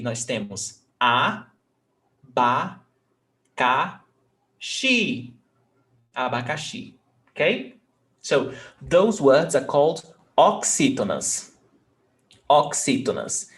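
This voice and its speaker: A young man teaching a language lesson, repeating each example word and checking in with "okay?". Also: fairly high pitch.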